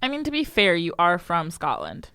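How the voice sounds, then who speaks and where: A young woman co-hosts a casual podcast chat in a smooth, resonant voice that sits a little low. She talks animatedly and laughs often. The sound is close and dry. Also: huge pitch swings, normal speed, pushed and bright, no echo. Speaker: podcast co-host.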